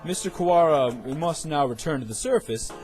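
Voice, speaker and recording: A man voicing a sinister, calm male bird doctor in a visual novel read-aloud, speaking slowly in a measured, menacing way. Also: a little high, close to an everyday voice. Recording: music playing underneath.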